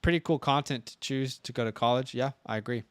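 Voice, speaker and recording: Smooth-voiced American man, dry sound. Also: mid-range voice, no room sound. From Virginia, United States. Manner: chatty, teasing, quick asides. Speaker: co-host. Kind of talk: casual live-stream chat.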